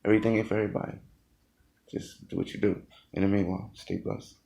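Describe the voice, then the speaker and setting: A man's voice: on the low side, little pitch movement, quick pace, creaky, mellow. Laid-back man with slangy street talk. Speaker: former Marine telling a story. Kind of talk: casual storytelling vlog.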